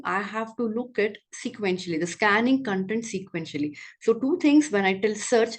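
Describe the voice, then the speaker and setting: A woman with an Indian English accent, giving an online lecture to medical students, explaining step by step and answering her own questions. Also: mid-range voice. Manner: frequent fillers and repeated words.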